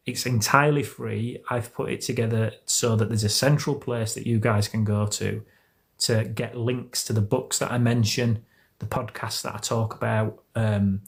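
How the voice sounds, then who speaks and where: A man's voice: medium pitch, a little hiss or hum. A man with an English accent hosting a casual live stream at home, talking earnestly and rambling with many restarts. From England. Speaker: host of a live stream on anxiety recovery.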